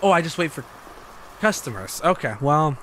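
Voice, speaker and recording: A young man streaming gameplay commentary, excitable and joking, swearing freely. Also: on the high side, moderate pace, heavy background noise.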